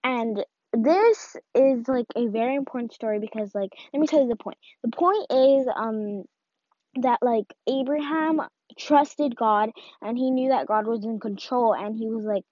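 A woman's voice: fairly high pitch, measured pace, darkish tone, dry recording. A woman giving a casual devotional talk, rambling and full of "like" and "um". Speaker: faith talk host. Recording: dull, dry lo-fi recording.

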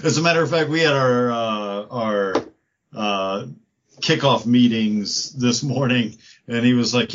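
A man's voice: medium pitch, normal speed. A man co-hosting a sports podcast, talking casually and rambling with lots of fillers. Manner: relaxed, rambling, many fillers. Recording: dull lo-fi audio.

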